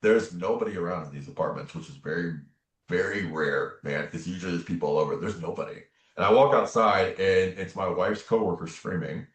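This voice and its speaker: A man with a very low voice tells a personal story as an interview guest. He talks earnestly and casually, often tossing in "man" and "right?". The recording sounds roomy, with a noticeable echo. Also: fairly quick. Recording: echoey room.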